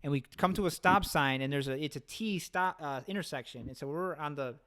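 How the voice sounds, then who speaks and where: A man's voice: a little high, a little fast, a bit bright. Rambling, cursing man telling stories. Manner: rambling, profane storytelling. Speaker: podcast host. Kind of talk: casual chat.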